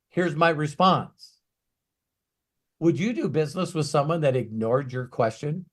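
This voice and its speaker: A man coaching in a Q&A talk, emphatic and ranting, swinging from quiet asides to loud bursts. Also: a little high, a little slow. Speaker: business coach.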